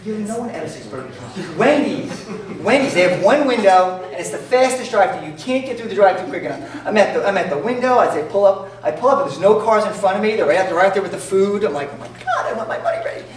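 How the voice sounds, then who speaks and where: A man with a New York accent tells animated, jokey business stories to an audience, acting out each exchange. His voice sits fairly high and swings widely in pitch. He is picked up from a distance in a very echoey room with faint background noise. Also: quick pace, hardly any pauses. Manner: animated, jokey, acts out dialogue. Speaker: entrepreneur speaker. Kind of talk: storytelling talk to an audience.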